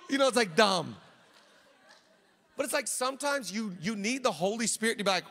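A man's voice: high voice, expressive, normal speed, creaky, pauses often, pushed and bright. A man preaching a sermon as pastor, telling stories with animation and acting out quoted voices. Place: large church auditorium. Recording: echoey church hall.

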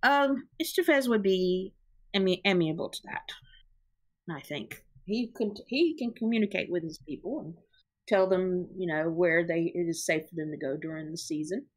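A woman voicing a gentle, soft-spoken mother in a tabletop game, speaking hesitantly. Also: on the low side, normal speed, lightly acted. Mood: earnest.

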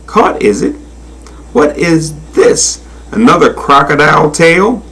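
Guy doing a cheeky storybook monkey girl, mocking and gleeful, slow and singsongy. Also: fairly high pitch, big pitch swings, fairly bright tone, pitched above the performer's own voice, heavily acted. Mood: teasing. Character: teasing mischievous female monkey.

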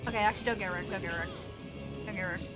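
A young woman streaming a game, excitable, swearing often and laughing between reactions. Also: fairly low pitch, fast, loud music behind the voice. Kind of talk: casual live-stream commentary.

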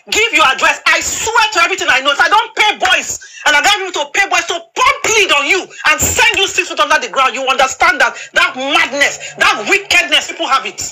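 A woman rants at full fury on a live phone stream. Her voice is piercingly bright and cutting, and she trips over repeated words as she hurls insults. A faint hiss sits under the phone audio. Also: high-pitched, low-quality recording. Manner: furious, insulting, stammering repetitions. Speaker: panel speaker. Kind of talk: angry live-stream rant. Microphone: phone on a live video panel.

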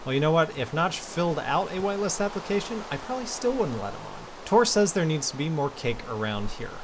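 A man's voice: on the high side, sing-song, a little fast, noisy background. Playful man reading chat messages. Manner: chatty and playful, bursts into yells. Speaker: Minecraft server host reading player messages. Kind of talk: casual gaming commentary.

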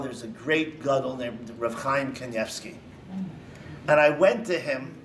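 A man, a rabbi, giving a lecture to a congregation with animated storytelling and emphatic repetitions. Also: mid-range voice, distant mic, a little hiss or hum. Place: synagogue hall.

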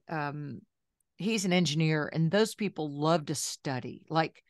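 A woman in her sixties, a journalist and health coach, telling her story in a chatty, lively interview style full of asides. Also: sits low, dry recording, clean studio sound. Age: 60s.

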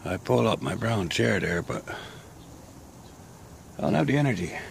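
Very low gravelly-voiced tired man. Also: lively intonation, normal speed, a little hiss or hum. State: sick and short of breath. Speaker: vlogger. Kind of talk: casual outdoor vlog talk. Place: outdoors in a garden grove.

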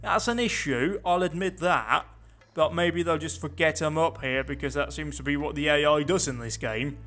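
With soft music in the background, a gameplay commentator delivers casual let's play chatter in a slightly high, somewhat bright voice at normal speed. He's sarcastic and talkative, muttering away to himself.

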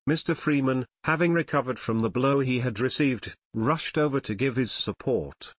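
Male audiobook narrator, steady delivery, medium pitch, dry booth recording. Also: normal speed, dry recording.

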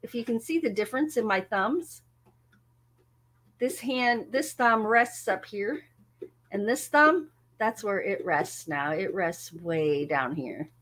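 A woman's voice: mid-range voice, slow. A woman hosting a music channel, telling a story casually to her audience, laughing often and poking fun at herself. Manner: laughs often, animated and self-mocking.

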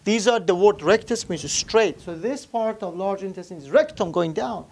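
In a classroom lecture, a man with a high voice teaches anatomy at a normal pace. He puts questions to his students, writes on the board, and goes over important terms more than once.

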